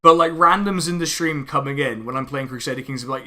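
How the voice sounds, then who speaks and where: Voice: mid-range voice, fairly even intonation, fast talker, pushed and bright. A non-binary streamer, chatting casually and sarcastically over lunch, ranting with lots of filler words. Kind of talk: casual chat.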